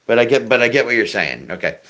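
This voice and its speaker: Man, live-stream host, casual rambling chat, profane, bright sharp voice. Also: mid-range voice, sing-song, fast. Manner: profane, rambling, many fillers and restarts. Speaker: livestream host.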